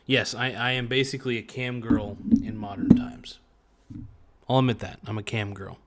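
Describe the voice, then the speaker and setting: A man hosting a casual livestream, joking and rambling, stretching some words out and breaking into sudden loud bursts. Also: medium pitch, fairly even intonation, normal speed, a little hiss or hum. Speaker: livestream host.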